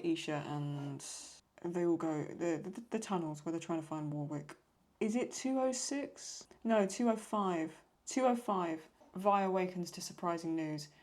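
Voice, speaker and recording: A woman chatting casually as a video host, rambling through viewer questions and often stopping to apologize or paraphrase. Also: on the low side. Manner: rambling, paraphrasing lines, apologizes for getting stuck. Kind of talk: casual chat.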